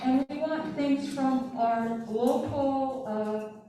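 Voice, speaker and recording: A woman chairs a club meeting, thanking people and moving on to the next item. Her voice sits a little high but sounds mellow and dark, and she speaks slowly. She is picked up from far off in a very echoey room with faint noise. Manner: brisk, thanking people and moving the agenda along. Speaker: club president.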